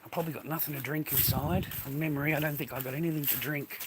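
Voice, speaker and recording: Man, Australian accent, blunt casual ranting, repetitive, slightly higher voice, faint background hiss. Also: fairly even intonation, quick pace. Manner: blunt, repetitive, ends phrases with "mate". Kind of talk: casual rant to camera.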